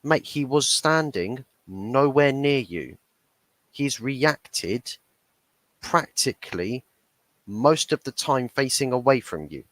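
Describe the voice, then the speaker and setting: A man's voice: medium pitch, a bit bright, dry recording, rough recording. A young man hosting a football reaction stream, ranting and swearing about the referee. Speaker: football fan channel host. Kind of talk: heated match reaction stream.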